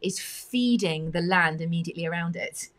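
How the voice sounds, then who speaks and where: A woman's voice: on the low side, normal speed, fairly bright tone. A woman presenting a live family science show, bubbly and explaining step by step.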